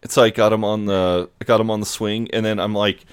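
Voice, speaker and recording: Low-voiced American male co-host, relaxed anecdotal delivery, dry close mic. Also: fairly quick, clean tone, no room sound. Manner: easygoing, anecdotal, swears casually. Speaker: podcast co-host. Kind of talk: casual chat.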